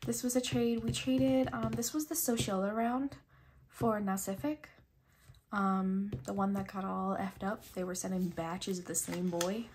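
A young woman with a nasal voice, chatting casually while unboxing her mail, excitable, gushing and swearing freely. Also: mid-range voice, measured pace, a little hiss or hum. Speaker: kpop photocard collector vlogger.

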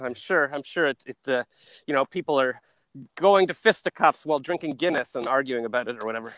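A man's voice: medium pitch, fast talker, fairly bright tone, slight background noise. A Canadian man riffing as a comedy guest on a phone video call from a park, rambling and self-deprecating, with many stammered restarts. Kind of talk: casual riffing chat. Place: outdoors in a park.

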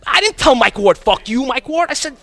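A man casually telling a profane, animated story to friends, from Connecticut, acting out the voices of other people. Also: very high voice, fairly quick. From Connecticut, United States. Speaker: guest poker player. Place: poker tournament venue.

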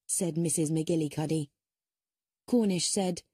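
A woman narrating a mystery audiobook with a clear, expressive reading. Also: lowish voice, a little slow, no echo, studio quality. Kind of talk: scripted story narration.

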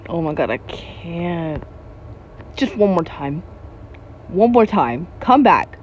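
A woman's voice: on the low side, sing-song, takes it slowly, pauses often, slight background noise. A woman YouTuber giving casual gameplay commentary, jumpy and giggly with frequent startled exclamations.

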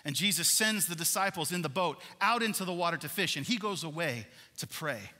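A man preaches to his congregation in a lively, animated way, often turning questions back to the listeners. His voice sits a bit high for a man and rings bright and forceful. The sound carries the long reverb of a large church hall. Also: fairly quick. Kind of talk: sermon. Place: large church worship center.

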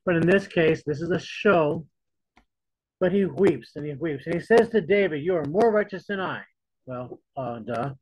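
Husky-voiced man preaching conversationally. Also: on the high side, lively intonation, moderate pace, no echo, highs cut off. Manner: conversational preaching, paraphrases scripture in casual modern voice. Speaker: Bible teacher. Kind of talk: sermon.

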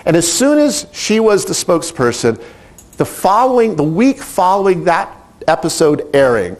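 A middle-aged man who directs animal training, telling a story in a lively, animated way and acting out the quotes. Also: high-pitched, normal speed. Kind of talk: storytelling talk.

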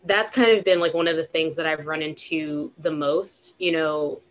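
A woman with a low, even voice speaks on a discussion panel. She talks in a measured, thoughtful way, easing into each point with hesitant starts. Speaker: nude model on a panel.

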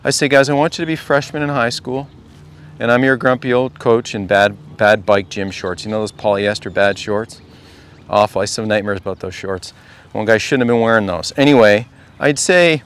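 A man's voice: on the low side, moderate pace, fairly bright tone, clean tone. A man coaching a group at a golf clinic, talking casually and asking the group question after question. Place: outdoor golf practice range.

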